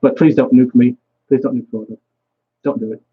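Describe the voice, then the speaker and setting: A man's voice: medium pitch, steady tone, brisk, slightly rough, phone-quality sound. A young man vlogging a rambling solo monologue, swearing often and trailing off mid-thought.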